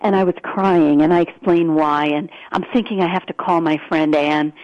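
A woman, a guest author on a radio interview, telling personal stories in an animated, earnest way. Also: low voice, moderate pace, highs cut off.

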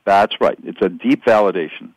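A man's voice: lowish voice, normal speed, dry recording, poor audio. A man speaking as a guest expert in a conversational interview, explaining ideas with animation and acting out example exchanges.

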